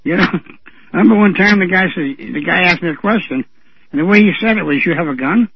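A man's voice: high-pitched, fairly quick, creaky, breathy edge, dry recording. A man chatting on a radio show who tells rambling stories with chuckles. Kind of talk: casual radio talk. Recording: dry, dull lo-fi radio sound.

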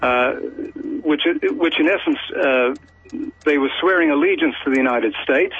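A man with an Australian accent calling a radio show, talking haltingly with many pauses and fillers. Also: fairly high pitch, slightly rough, no echo. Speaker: caller. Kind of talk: phoned-in radio chat. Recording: lo-fi radio broadcast.

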